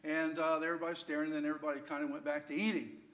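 An older man with a slightly high voice, preaching a sermon through a playful personal story. He tells it in a lively way and enjoys the humor in it. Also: racing.

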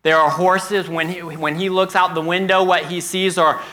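Forceful, storytelling preacher man. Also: high voice, little pitch movement, moderate pace. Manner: storytelling with repetition, earnest. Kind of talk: sermon.

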